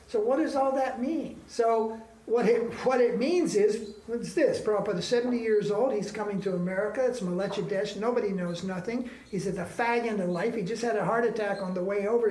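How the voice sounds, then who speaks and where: A man's voice: sits high, brisk, a little mellow. Male spiritual teacher, conversational and emphatic, roomy echo. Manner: emphatic, conversational, full of rhetorical questions. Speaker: swami teaching a class. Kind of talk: informal spiritual class talk. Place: ashram classroom.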